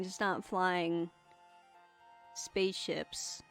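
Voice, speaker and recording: A woman's voice: lowish voice, moderate pace, faint music behind. A woman hosting a let's play, reading a visual novel aloud and adding wry, dry asides.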